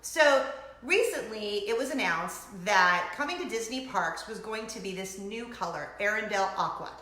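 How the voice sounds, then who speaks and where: Middle-aged woman host, bright and animated, giggly chat, echoey room. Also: medium pitch, normal speed. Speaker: host of a weekly chat show. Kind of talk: casual chat to camera.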